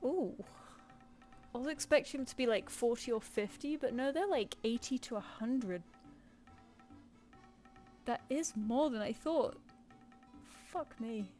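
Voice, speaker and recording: A woman's voice: fairly high pitch, expressive, unhurried, long pauses, a little mellow, soft background music. Chatty British woman live-streaming. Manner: chatty, rambling, with many fillers. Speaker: streaming artist. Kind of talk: casual live-stream chat.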